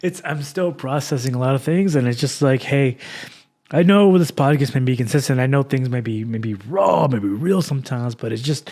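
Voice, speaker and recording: A man's voice: medium pitch, darkish tone. Emotional man hosting a podcast. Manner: raw, heartfelt, motivational, with sighs. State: emotional after crying. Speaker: podcast host. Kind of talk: emotional solo podcast talk.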